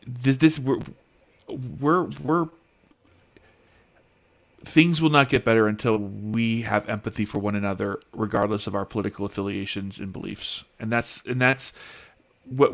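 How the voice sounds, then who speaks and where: A man co-hosting a casual podcast panel, talking in an earnest, halting way as he searches for words. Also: medium pitch. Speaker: podcast co-host.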